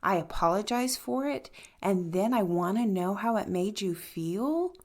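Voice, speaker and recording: A middle-aged woman co-hosting a mentoring podcast, emphatic and quick to laugh in casual talk. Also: medium pitch, expressive. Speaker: podcast co-host.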